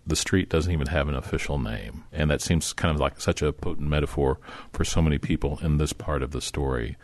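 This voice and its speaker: Male host-interviewer, very low voice, calm and measured. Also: no room sound. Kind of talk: interview questions.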